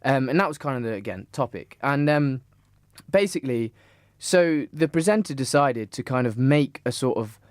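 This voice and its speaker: A young man chats casually on a podcast and rambles through his story with plenty of fillers and false starts. His voice sits at a middle pitch, and the recording is close and dry, with no room sound. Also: lively intonation, normal speed, dry recording. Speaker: podcast co-host. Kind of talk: casual chat.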